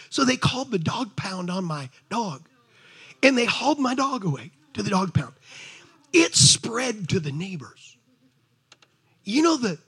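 A man's voice: high-pitched, slightly rough. A man preaching a sermon, telling stories to the congregation and pressing his points with energy. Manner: conversational storytelling with asides to the congregation; rises to shouted exhortation. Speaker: pastor.

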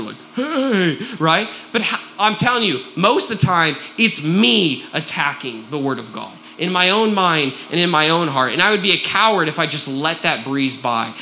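A man preaching a sermon, telling a story in an animated way and often checking in with his listeners. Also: a little high, slight background noise. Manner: animated, keeps asking "right?".

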